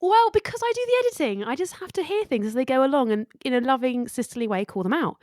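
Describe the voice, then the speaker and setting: A woman's voice: high voice, expressive, quick pace, a little mellow, no echo, clean studio sound. A woman co-hosting a podcast in casual chat, teasing and affectionate, laughing often. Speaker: podcast co-host and editor.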